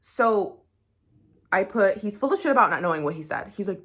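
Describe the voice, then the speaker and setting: A woman's voice: medium pitch, animated, moderate pace, fairly bright tone. A young woman recapping a reality show, talking bluntly and heatedly and swearing freely. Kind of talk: casual opinionated commentary.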